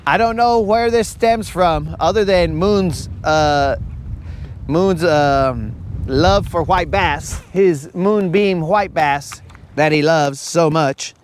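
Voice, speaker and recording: A man's voice: on the high side, takes it slowly, a little hiss or hum. A man hosting a fishing live-stream outdoors on a lake, chatting playfully and teasing his viewers. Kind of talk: casual live-stream chat.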